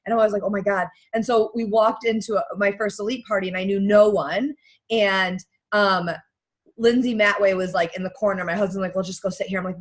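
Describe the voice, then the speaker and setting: A woman coach giving a blunt, energetic motivational talk on a team call. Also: mid-range voice, fairly quick. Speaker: guest coach.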